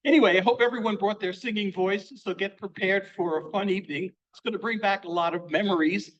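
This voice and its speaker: A man's voice: sits high, brisk, a bit bright, dull audio. Older man hosting a sing-along. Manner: chatty, joking, self-deprecating.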